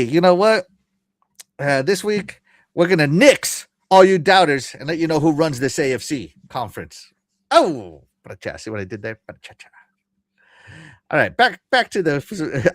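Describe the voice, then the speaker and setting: A man's voice: mid-range voice, no room sound, clean studio sound. A man hosting a podcast, casually chatting and reading chat messages aloud with frequent laughter. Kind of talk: casual live-stream chat.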